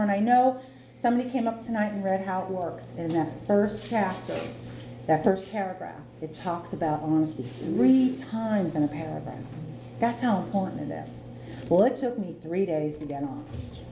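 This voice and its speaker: A middle-aged woman stands at a podium mic and tells her own recovery story with candour, laughing at herself as she goes. Her voice is mellow and warm. The meeting room has a clear echo and a faint hum behind it. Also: medium pitch, moderate pace. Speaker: AA meeting speaker. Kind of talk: personal recovery testimony.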